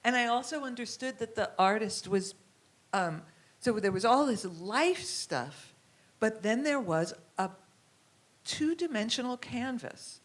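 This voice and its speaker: A woman's voice: fairly high pitch, lively intonation, measured pace. Reflective American woman curator. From United States. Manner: reflective, thinks aloud with fillers and restarts. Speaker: curator and writer, guest. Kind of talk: conversational interview talk.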